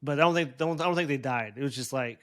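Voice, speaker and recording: A man's voice: mid-range voice, fast, a bit bright. A man co-hosting a casual episode review, rambling with restarts and laughing often. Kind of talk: casual chat.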